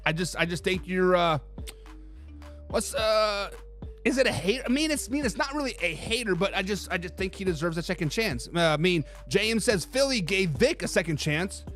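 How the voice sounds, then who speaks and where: A man's voice: high-pitched, expressive, normal speed, fairly bright tone, soft background music. Rambling male livestream sports host. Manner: rambling, reads chat comments aloud. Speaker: sports talk show host. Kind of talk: casual livestream chat.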